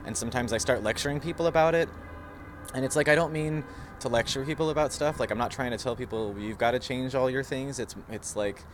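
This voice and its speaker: A man's voice: mid-range voice, quick pace, slight background noise. Rambling young man vlogging outdoors. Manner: rambling, self-reflective, laughs at himself. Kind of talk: casual reflective monologue.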